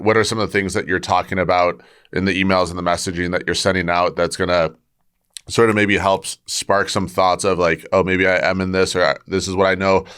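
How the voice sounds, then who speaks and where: A man's voice: sits low, a bit bright, clean tone. A man hosting a podcast, talking with a martial arts background, thinking aloud with frequent restarts as he asks questions. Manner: restarts often, thinks aloud while asking. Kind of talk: conversational podcast interview.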